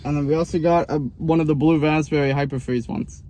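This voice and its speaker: A man's voice: on the high side, steady tone, a little fast, dark tone, slight background noise. A man hosting a casual food review, upbeat and loosely rambling with fillers, recorded at a convenience store.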